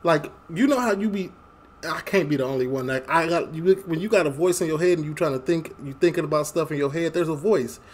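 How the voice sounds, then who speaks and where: A man's voice: fairly high pitch, fairly quick. Chatty young man reacting to memes. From Chicago, USA. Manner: chatty, laughs often, reads memes aloud. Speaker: reaction video host. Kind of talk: casual reaction commentary.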